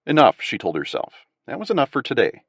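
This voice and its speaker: A man narrating an audiobook in an expressive, scripted reading. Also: medium pitch, fairly quick, husky, no room sound, clean studio sound.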